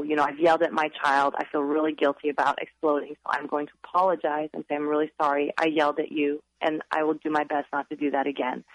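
A woman's voice: low-pitched, dry recording, rough recording. A woman author, a guest on a radio interview, earnestly giving upbeat parenting advice.

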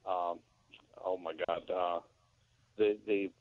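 A man's voice: low-pitched, little pitch movement, slow, a little hiss or hum. An older man calling into a radio show, rambling and hunting for words as he chats. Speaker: radio caller. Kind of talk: call-in chat. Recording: tinny phone line.

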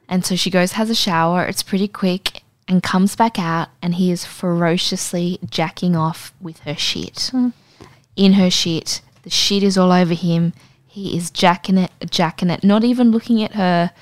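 Animated woman telling a story. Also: on the low side, normal speed, no room sound. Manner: animated, acts out voices in stories. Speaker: podcast co-host. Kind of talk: casual chat, storytelling.

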